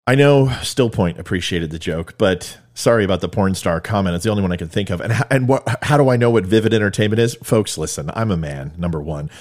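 Speaking fast and barely pausing, a low-voiced, expressive man from California rambles through a casual monologue for his audience. As host, he keeps joking and poking fun at himself.

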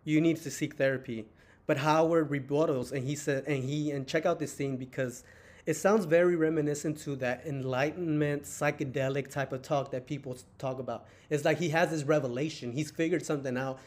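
A man's voice: a little high, fairly even intonation, fairly quick, darkish tone. A man hosting a podcast in a casual, rambling chat, retelling movie scenes with loose phrasing and fillers. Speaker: podcast host.

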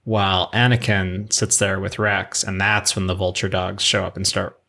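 A man's voice: sits low, little pitch movement, moderate pace, vocal fry, sharp tone. A man co-hosting a podcast, recapping episodes in casual chat, rambling with fillers and restarts. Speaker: podcast co-host.

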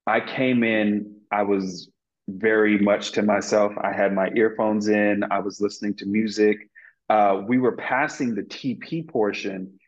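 A man's voice: lowish voice, steady tone, a little slow. A man being interviewed as an actor, earnestly telling stories from set, with many fillers and restarts. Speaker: actor guest. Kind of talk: casual interview storytelling. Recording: lo-fi muffled audio.

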